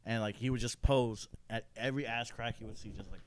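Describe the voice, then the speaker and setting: A man on a podcast, telling a story in offhand, halting casual chat. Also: medium pitch, steady tone. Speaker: podcast guest.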